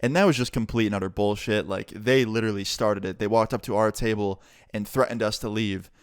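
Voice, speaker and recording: A young man telling a storytime vlog in a casual, animated way, swearing freely, recorded on a close mic. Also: fairly low pitch, brisk, smooth, no echo. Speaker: vlogger.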